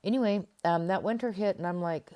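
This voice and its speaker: This is a middle-aged woman's casual self-help talk to camera, conversational in manner, with remembered exchanges acted out along the way. She speaks fairly quickly in a warm voice of medium pitch.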